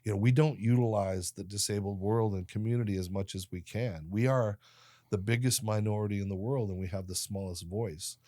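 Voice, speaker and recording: Animated fifty-something man telling stories. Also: fairly low pitch, a little fast, no room sound. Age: 50s. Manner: animated storyteller, voices other people in his anecdotes. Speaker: podcast guest. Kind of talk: storytelling interview.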